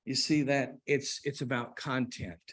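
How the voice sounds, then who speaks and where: A man preaching to a church congregation in an unhurried, conversational way, with restarts and asides to the listeners. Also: medium pitch, fairly even intonation, fairly bright tone, slightly rough. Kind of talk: church class talk on hymns. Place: church auditorium.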